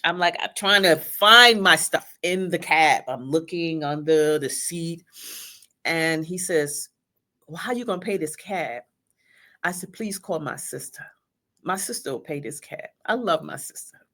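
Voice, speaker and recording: Halting woman telling her story. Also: deep voice, pushed and bright. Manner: halting, with restarts and acted quotes. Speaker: guest. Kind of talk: emotional personal storytelling.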